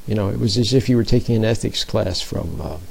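A man's voice: on the low side, quick pace, gravelly, husky, rough recording. A man giving an informal, conversational sermon, often checking in with his listeners. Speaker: speaker giving a Bible talk.

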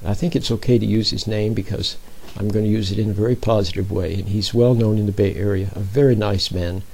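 A man's voice: lowish voice, steady tone, a little fast, gravelly, darkish tone, husky, poor audio. A man giving an informal, conversational sermon, often checking in with his listeners. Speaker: speaker giving a Bible talk.

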